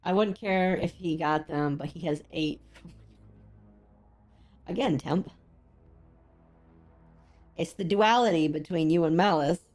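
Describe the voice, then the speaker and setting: A woman with a low-pitched voice talks over a game she is streaming. She rambles with plenty of ums, and she sounds unwell and drained of energy. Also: slow pace, long pauses, a little mellow, faint music behind. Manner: rambling, frequent laughs and ums. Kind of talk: casual gameplay commentary.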